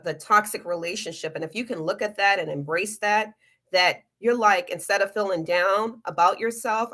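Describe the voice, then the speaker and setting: A middle-aged woman talks straight to her viewers in an earnest, encouraging vlog. She leans on repeated words for emphasis. Her voice sits at a middle pitch. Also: fairly bright tone. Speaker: vlogger giving encouragement. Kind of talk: casual motivational talk to camera.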